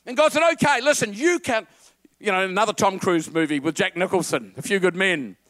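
High gravelly guy preaching, pumps up the crowd, dry close sound. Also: brisk, no echo. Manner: animated, quotes film lines and calls on the congregation. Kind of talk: sermon.

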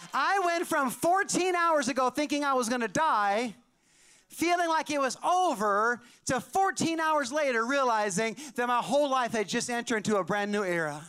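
A male pastor preaches by telling a story, his voice sitting very high yet clean and smooth. He grows animated and pushes up to shouted peaks as he drives his point home. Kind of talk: storytelling sermon.

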